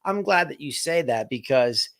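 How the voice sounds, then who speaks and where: A man's voice: animated, moderate pace. Profane ranting livestream host, man. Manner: profane, ranting, swings from loud outbursts to low mutters. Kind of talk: heated livestream commentary.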